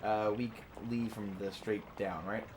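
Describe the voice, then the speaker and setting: A man's voice: fairly low pitch, flat delivery, moderate pace, background noise. A man chatting casually and playfully while streaming a game, laughing often. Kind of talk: casual let's-play chat.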